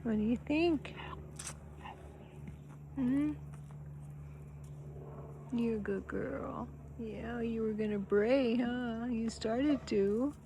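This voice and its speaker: A woman filming her farm animals, chatting casually and talking to them in a gentle, coaxing voice. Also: a little high, slow, few pauses. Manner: gentle baby-talk to animals, frequent soft laughs. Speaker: farm vlogger. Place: outdoors on a small farm. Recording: outdoor farm noise, animals behind. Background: animal sounds and outdoor ambience.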